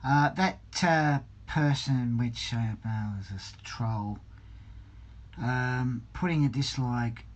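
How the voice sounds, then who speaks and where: A man's voice: mid-range voice, dull audio. A man hosting a casual livestream from a home hobby room, hesitant and full of ums, reading viewer comments aloud as he builds a model. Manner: slow, hesitant, many ums and restarts. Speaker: livestream host.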